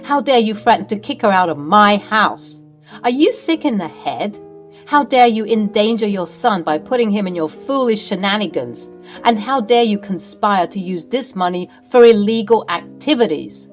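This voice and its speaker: A woman's voice: medium pitch, expressive, normal speed, faint music behind, close to an everyday voice. A woman voicing a fierce, protective middle-aged mother who speaks in a stern, accusing way.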